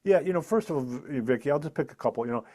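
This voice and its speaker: A man's voice: mid-range voice, animated, very fast, mellow. A middle-aged man, an author and speaker, earnestly explaining a method in a podcast interview, repeating his key points for emphasis. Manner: earnest, emphatic teaching tone with repetitions.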